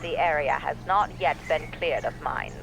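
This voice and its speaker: A woman's voice: deep voice, normal speed, gravelly, a bit bright, slight background noise, voice pushed down, rough recording. A woman doing a cold, curt male military guard.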